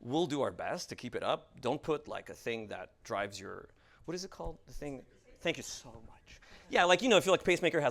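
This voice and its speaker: Brief: male presenter, gravelly and animated, live-demo rambling, self-deprecating asides to a meetup crowd. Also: on the high side, brisk. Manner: rambling, self-deprecating, thinks aloud while typing. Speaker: presenter giving a tech talk. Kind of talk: live coding demo talk. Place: meetup room in front of an audience.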